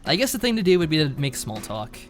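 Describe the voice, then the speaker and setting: Guy streaming a visual novel, chill, reads the story out with a lively up and down voice, faint music behind. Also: on the high side, quick pace. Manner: laid-back, reads narration aloud with lively inflection. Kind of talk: casual game chat and reading aloud.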